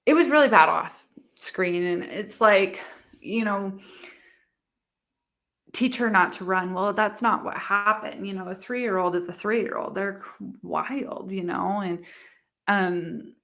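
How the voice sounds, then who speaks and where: A woman's voice: medium pitch, measured pace, creaky, a bit bright. A young woman as an interview guest, telling a long candid story in a rambling way, full of "like" and acted-out quotes.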